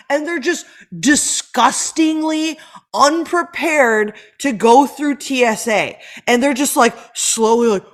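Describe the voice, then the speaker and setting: Woman panelist with a high voice, swearing and fed up. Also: sing-song, slow, fairly bright tone. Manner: profane, exasperated ranting. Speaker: podcast co-host. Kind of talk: roundtable chat.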